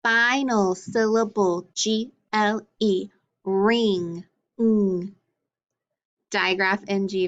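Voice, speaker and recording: A woman's voice: medium pitch, lo-fi sound. A woman teaching a phonics lesson to children, drilling letters and sounds with patient encouragement.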